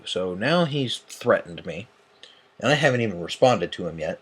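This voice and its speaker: Young man, low voice, tired, agitated, profane rant, yawning. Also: wildly swooping pitch, measured pace, gravelly, pauses often, breathy edge. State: tired, late at night. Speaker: online tournament host. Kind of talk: ranting vlog.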